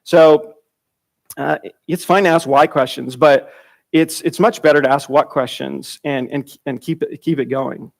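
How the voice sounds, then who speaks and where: In an unhurried, fairly even voice that's fairly high and has vocal fry, a man teaches a church Bible class. He talks loosely, repeating words and restarting phrases, and leaps up in pitch whenever he acts out quoted lines.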